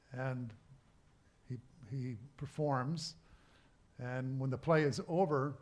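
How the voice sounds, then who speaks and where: A man, a minister, giving a sermon talk in a relaxed, conversational way, pausing often and restarting his sentences. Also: medium pitch. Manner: conversational, halting, with many restarts. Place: church service.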